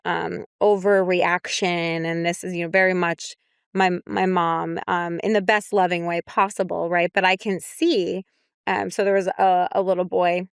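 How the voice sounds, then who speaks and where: A woman's voice: lowish voice, clear, resonant tone, no room sound, studio quality. A young adult woman, a clinician, talking things through reflectively on a podcast, often checking in with "right?". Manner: reflective, many fillers like "right?" and "you know". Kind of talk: casual podcast discussion.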